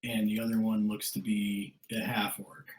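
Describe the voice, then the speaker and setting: Lowish male game master, halting narration, roomy room sound. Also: monotone. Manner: hesitant, filler-heavy narration. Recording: roomy echo.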